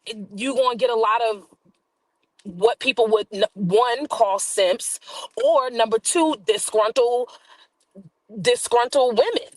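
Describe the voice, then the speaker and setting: Halting higher-pitched woman panelist. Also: dry recording, rough recording. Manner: halting, restarts phrases. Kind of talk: casual discussion.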